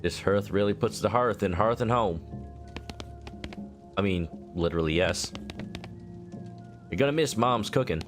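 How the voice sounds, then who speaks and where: A man's voice: fairly low pitch, unhurried, pauses often, over music. A male game streamer reading game text aloud and joking, slipping into a mock southern drawl.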